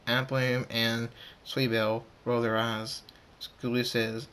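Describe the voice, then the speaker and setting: A man narrating fan fiction aloud in a halting, stumbling way. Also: medium pitch, flat delivery, fairly bright tone, clear, resonant tone.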